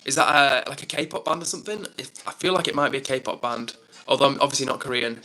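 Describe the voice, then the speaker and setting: A man's voice: medium pitch, fast, sharp tone, soft background music, poor audio. A young man hosting his own live stream, chatting casually and reading out viewer comments in an upbeat, self-deprecating way.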